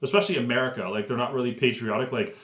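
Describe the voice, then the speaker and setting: A man's voice: medium pitch, very fast, fairly bright tone, roomy sound. A man giving a casual, profane commentary rant, rambling and full of fillers. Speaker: MMA commentary YouTuber.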